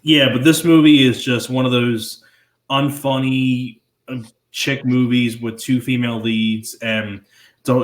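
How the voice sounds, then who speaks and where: A man chatting casually about movies as a podcast co-host, rambling, repeating words and swearing now and then. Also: medium pitch. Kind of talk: casual movie review chat. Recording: roomy echo.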